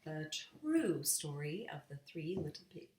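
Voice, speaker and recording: A woman's voice: low voice, very animated, unhurried, reverberant, background noise. A woman reading picture books aloud to her nieces, playfully giving each character its own voice. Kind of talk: children's story read-aloud.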